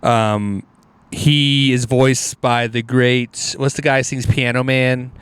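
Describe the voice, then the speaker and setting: A man, a comedian guest on a podcast, telling casual stories in an animated, rambling way with lots of fillers and restarts. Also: medium pitch, slow pace, clean tone.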